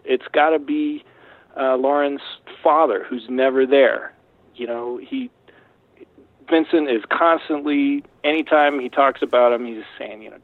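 A man's voice: fairly high pitch, no room sound. A man, a guest author, talking through his ideas in a thoughtful, casual podcast conversation. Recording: tinny phone-like remote line.

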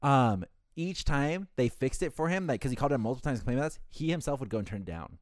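Young guy, rapid casual talker who acts out both sides of calls, close dry sound. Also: medium pitch, expressive, dry recording. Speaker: hotel front desk worker. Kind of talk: casual chat, storytelling.

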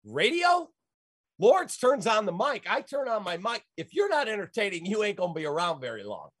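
A man's voice: sits high, huge pitch swings, brisk, fairly bright tone, no echo, clean studio sound. A middle-aged man, a sports radio host, telling stories in an emphatic, rambling, folksy way. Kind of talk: animated storytelling in an interview.

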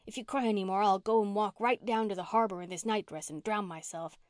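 A woman's voice: medium pitch, fast, dry recording, studio quality, lightly acted. Woman reading a blunt, slangy runaway girl. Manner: slangy, folksy country speech. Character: rough-spoken runaway orphan girl, blunt and touchy.

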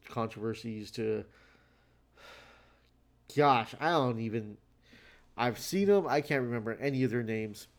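A tired man hosting his own podcast, talking casually in a rambling solo monologue full of fillers and restarts. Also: medium pitch. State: tired, yawning. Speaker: podcast host.

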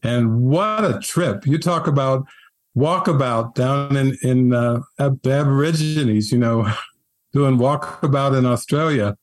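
A middle-aged man, a spiritual teacher being interviewed, telling his story in a gentle, articulate way. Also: mid-range voice, measured pace, dry recording.

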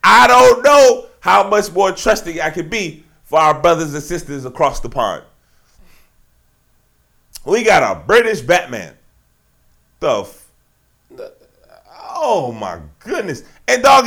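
Animated, gravelly-voiced man ranting. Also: a little high. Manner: slangy, animated ranting with frequent asides. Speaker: podcast host. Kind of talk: solo sports podcast monologue.

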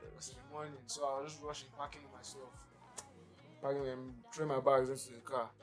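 A young Nigerian man co-hosting a podcast in casual chat, animated, often laughing and mixing in pidgin. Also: mid-range voice, quick pace, soft background music. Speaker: podcast co-host.

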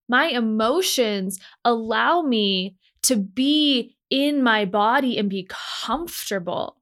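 A woman's voice: fairly high pitch, fairly bright tone. A young adult woman hosting a podcast, talking in an earnest, affirming way with emphatic declarations. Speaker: podcast host. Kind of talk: motivational podcast monologue.

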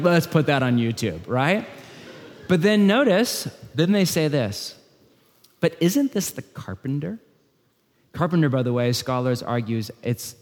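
A man preaching a sermon in a conversational style, swinging between loud emphasis and hushed lines. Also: medium pitch. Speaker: pastor. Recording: long hall reverb.

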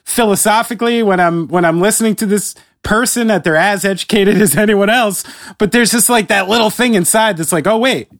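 A man from New York with a New York accent hosts a podcast in a laid-back, casual way, laughing often and swearing freely. His voice sits high for a man. The sound is dry and close-miked, with no room echo. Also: brisk, fairly bright tone. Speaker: podcast host. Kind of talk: casual chat.

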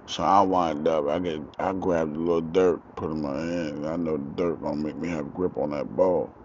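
A man's voice: very deep voice, moderate pace. A young man hosting his own podcast, telling a story in casual street slang, outdoors with four-wheelers passing. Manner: animated, profane, street slang. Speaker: podcast host. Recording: dull lo-fi, faint outdoor vehicle noise.

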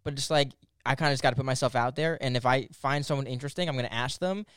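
A young man hosting a new podcast, chatting casually and excitedly, cursing and using lots of fillers. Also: medium pitch, rapid-fire, smooth, no echo, clean studio sound. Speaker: podcast host.

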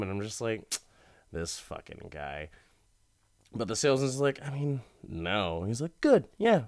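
A man hosting a podcast, casually retelling a TV episode with lots of swearing, laughing and quick put-on character voices. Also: medium pitch, clear, resonant tone, no room sound, clean studio sound. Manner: profane, laughing, acts out characters' lines. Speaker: podcast host recapping a TV episode. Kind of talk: casual storytelling recap.

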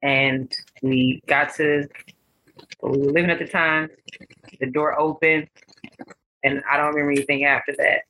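A woman guest on a casual podcast, telling animated stories and acting out the voices in them. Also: low-pitched, normal speed, long pauses, a little hiss or hum, low-quality recording. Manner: animated storyteller, acts out voices in her stories. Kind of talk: casual podcast chat, storytelling.

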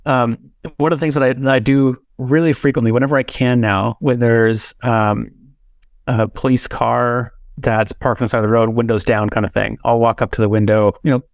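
A man's voice: medium pitch, steady tone, moderate pace, gravelly, no room sound, studio quality. A man hosting a podcast, chatting casually in a rambling way full of fillers and restarts. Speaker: podcast host. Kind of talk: casual interview chat.

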